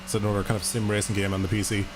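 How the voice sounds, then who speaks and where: A young Irish man streams a racing game live, talking to viewers casually and swearing freely. His voice is lowish and flat, and he races through his words. Game music and engine sounds make the background noisy.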